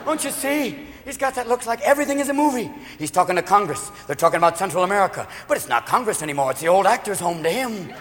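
A male stand-up comedian doing an animated, rapid-fire routine in a live venue, slipping in and out of voices. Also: high voice, a little hiss or hum. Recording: live club mic, echoing hall, crowd.

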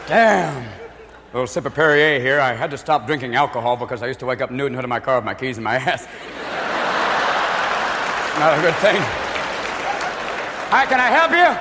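A man doing live stand-up comedy, jumping manically between bits and quick character voices. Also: medium pitch, noisy background. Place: large live venue with audience. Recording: live hall recording with crowd laughter.

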